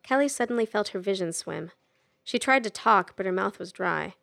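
A woman reads a novel aloud in steady, even narration. Her voice carries a gravelly rasp at the bottom of its tone, at a middle pitch for a woman. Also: moderate pace. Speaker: audiobook narrator. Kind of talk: scripted narration.

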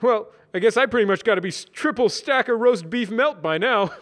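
A man's voice: high voice, lively intonation, a little fast, a bit bright, voice pushed up. A man voicing Brad, a chatty, easygoing heavyset coworker with a casual, folksy way of talking.

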